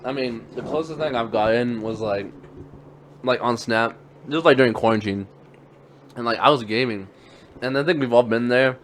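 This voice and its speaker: A man's voice: mid-range voice, moderate pace, long pauses, slight background noise. A young man co-hosting a casual podcast, telling stories in slangy talk and laughing often. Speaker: podcast co-host. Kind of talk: casual chat.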